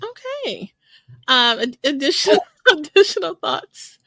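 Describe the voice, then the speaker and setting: Bright-voiced chatty woman podcaster. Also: high-pitched, sing-song, dry recording. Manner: chatty, laughs often, quick asides. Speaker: podcast co-host. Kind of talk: casual podcast chat.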